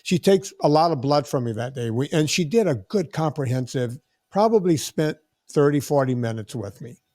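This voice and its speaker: A man's voice: on the high side, moderate pace, no echo, clean studio sound. A podcast host in his sixties telling a long story in casual chat, acting out the voices of the people in it. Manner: animated, acts out quoted dialogue.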